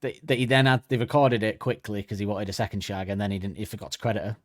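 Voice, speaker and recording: A man's voice: on the low side, fairly even intonation, fast, dry recording, clean studio sound. A young man co-hosting a podcast in casual comedic chat, rambling with crude jokes. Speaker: podcast co-host.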